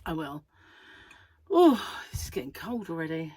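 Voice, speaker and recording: A woman's voice: sits low, sing-song, normal speed, warm tone, breathy edge. A middle-aged woman, chatting casually and rambling to camera as a crochet vlogger, laughing often.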